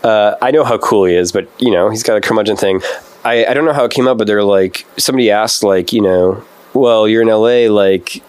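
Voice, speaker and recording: A man's voice: fairly low pitch, a little fast, darkish tone, clean tone, no room sound. A man from Wisconsin telling a rambling, profane story as a podcast guest, full of filler words. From Wisconsin, USA. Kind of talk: casual storytelling.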